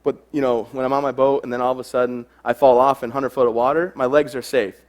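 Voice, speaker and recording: A man's voice: mid-range voice, level tone, quick pace, darkish tone. A young adult man giving a humorous stage talk to a live audience, telling self-deprecating stories. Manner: joking, self-deprecating storyteller. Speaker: keynote speaker.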